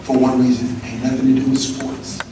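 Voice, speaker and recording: A man from Los Angeles giving a motivational school-assembly talk, telling his story and calling out for the crowd to answer back, from hushed to shouting. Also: medium pitch, flat delivery, a little fast, background noise. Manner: storytelling, call-and-response with the audience, swings from hushed to shouting. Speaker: motivational speaker. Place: school gym or auditorium. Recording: echoey hall, voice from far off.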